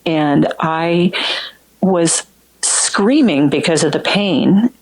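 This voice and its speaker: A woman guest earnestly recounting a personal story in an interview, halting and restarting as she goes. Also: fairly low pitch, lively intonation, a little mellow, poor audio. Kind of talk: emotional first-person storytelling.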